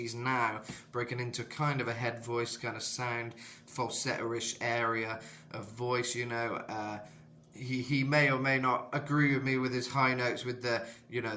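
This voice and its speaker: A man with a slightly rough throat giving a casual, rambling singing tutorial as a vocal coach, full of "you know". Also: medium pitch, level tone, measured pace, bright, forceful tone, slight background noise. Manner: rambling, lots of "you know", jumps into sung demos.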